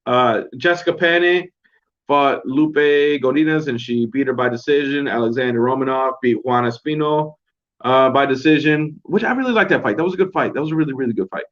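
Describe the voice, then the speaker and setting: A man's voice: medium pitch, lively intonation, brisk, a bit bright. Profane, rambling young man, lo-fi. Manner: profane, rambling, laid-back. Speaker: podcast host. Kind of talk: casual solo recap. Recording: dull lo-fi home recording.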